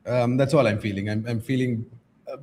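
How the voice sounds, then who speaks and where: A man's voice: medium pitch, steady tone, mellow, a little hiss or hum. Blunt sarcastic man on a video call. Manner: blunt, sarcastic, halting with fillers. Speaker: guest pundit. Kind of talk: live cricket discussion.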